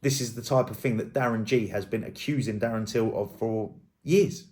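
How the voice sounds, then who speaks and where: A man's voice: fairly low pitch, steady tone, a little fast, darkish tone. A man giving casual, rambling commentary as a YouTube drama host, thinking aloud and hedging as he goes.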